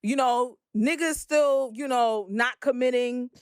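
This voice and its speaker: A woman's voice: high-pitched, unhurried, smooth, dry recording, clean studio sound. A young woman co-hosting a casual podcast, frank and blunt, laughing easily. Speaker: podcast co-host.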